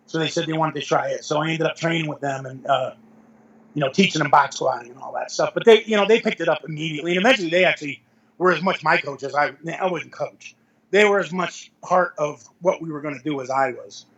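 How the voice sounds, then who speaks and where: A middle-aged man, a veteran powerlifter, tells rambling anecdotes as a guest in a casual storytelling interview, correcting himself and chuckling. His voice is on the high side, a bit bright and slightly rough, he talks quickly, and the sound is lo-fi.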